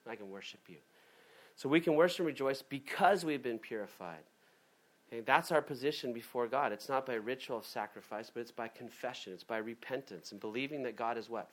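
A man preaching a sermon in a lively, conversational way, often breaking off and restarting his sentences. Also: medium pitch. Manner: animated, conversational, self-interrupting. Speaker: pastor.

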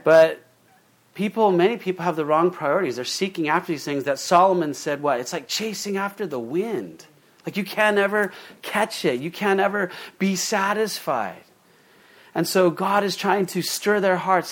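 A man's voice: on the high side, moderate pace. A male pastor preaching a sermon in a conversational way, reading scripture and then retelling it in plain, casual words with fillers and restarts. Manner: reads scripture aloud, then paraphrases it informally.

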